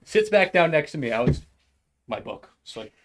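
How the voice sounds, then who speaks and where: Animated storytelling man. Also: fairly high pitch, normal speed, noisy background. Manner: animated storyteller, acts out quotes, laughs often. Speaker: podcast co-host. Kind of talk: casual chat, storytelling.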